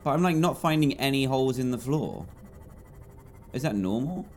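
Faint music plays behind this animated English gaming YouTuber, a man in his twenties speaking at a moderate pace. He commentates his own play in a chatty, jumpy way, going from muttering under his breath to yelping loudly.

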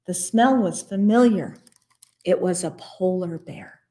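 A woman librarian reading a children's picture book aloud at story time, in an expressive read-aloud manner. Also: on the low side, normal speed.

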